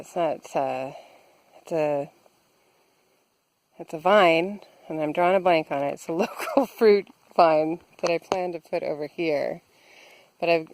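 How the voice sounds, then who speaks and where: A woman's voice: on the low side, a little mellow, rough recording. A woman chatting casually as she vlogs her garden work, thinking aloud with fillers, recorded outdoors. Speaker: vlogger. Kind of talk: casual garden vlog narration.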